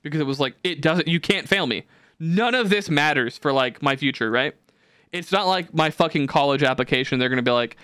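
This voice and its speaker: Young male podcast host, slightly high voice, profane and animated, dry close recording. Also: fairly quick, clean tone, dry recording. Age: young adult. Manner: profane, ranting, animated storytelling. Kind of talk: casual podcast chat.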